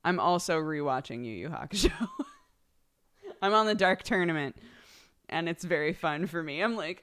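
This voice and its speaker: Giggly streamer lady chatting away, kinda low voice, laughs a lot. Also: very animated, measured pace, pauses often, fairly bright tone, smooth. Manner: reads out subscriber thank-yous. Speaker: live streamer. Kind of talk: casual live-stream chat.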